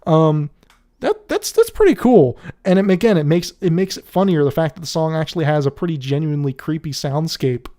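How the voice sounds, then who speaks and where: A man's voice: on the high side, fairly even intonation, quick pace, few pauses, mellow. A man giving a casual, rambling album review, often laughing and cutting himself off mid-thought. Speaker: music reviewer.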